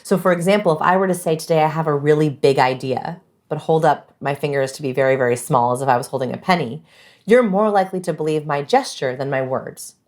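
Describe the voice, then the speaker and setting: A woman with a deep voice speaks fast as an interview guest, giving animated, emphatic answers about communication and acting out example phrases.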